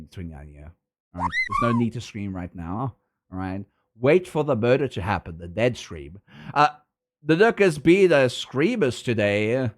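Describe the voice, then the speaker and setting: While streaming a game, a man chats with his viewers, reading chat aloud, answering them, teasing and laughing often. His medium-pitched voice swings widely in pitch at a normal speed, jumping between loud and mumbled.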